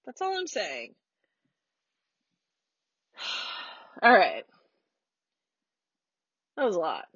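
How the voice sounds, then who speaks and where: A woman in her forties from the United States talks in a blunt, heated, profane way, with a sarcastic edge. Her voice sits at a middling pitch. The sound is close and dry, a little dull and muffled, as if caught inside a car. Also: huge pitch swings, drawn-out words, a bit bright, husky, dry recording. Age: 40s. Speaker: podcast host. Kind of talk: casual solo rant. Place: parked car.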